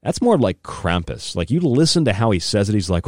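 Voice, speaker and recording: A young adult podcast host with a deep voice who rants in a casual, loose way and breaks into laughter often. The sound is dry and close, with no room echo. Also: male voice, big pitch swings, fairly quick, few pauses, a little mellow. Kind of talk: casual rant.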